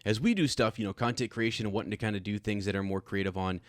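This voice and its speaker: A man's voice: fairly low pitch, steady tone, quick pace, no echo, clean studio sound. A man co-hosting a podcast in casual chat, playful and rambling, given to jokes. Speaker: podcast co-host.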